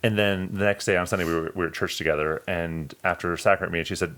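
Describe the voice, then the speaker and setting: Deep-voiced earnest male podcast host. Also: fairly even intonation, quick pace, a bit bright. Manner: earnest, emotional, many restarts. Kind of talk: personal storytelling in conversation.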